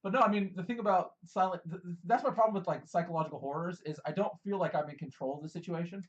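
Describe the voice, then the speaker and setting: A man's voice: sits high, quick pace, muffled recording. A man co-hosting a casual chat, rambling and often restarting his sentences. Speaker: podcast co-host.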